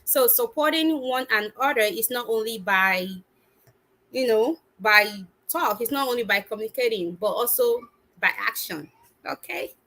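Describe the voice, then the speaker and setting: A woman with a high, bright voice hosts a casual livestream, speaking through earphones and a laptop. She is upbeat and chatty, greeting viewers one by one and laughing often. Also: expressive, moderate pace. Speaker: livestream host. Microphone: wireless earphones and laptop.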